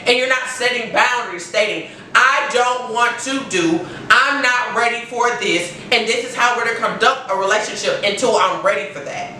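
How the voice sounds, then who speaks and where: A woman's voice: high voice, pushed and bright, recorded from a distance, a little hiss or hum. Blunt woman coach in an echoey room. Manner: blunt, preachy, laughs between points. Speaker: STD life coach. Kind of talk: motivational advice monologue.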